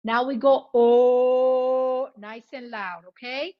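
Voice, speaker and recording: A woman's voice: on the high side, normal speed. Woman guiding chair yoga, muffled recording. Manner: switches between English and Spanish cues; demonstrates loud vocal sounds. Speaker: yoga instructor.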